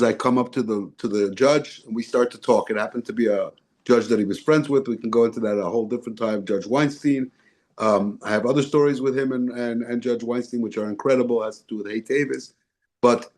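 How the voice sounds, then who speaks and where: Man, guest speaker, storytelling, animated quoted voices, middle pitch. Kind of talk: storytelling talk.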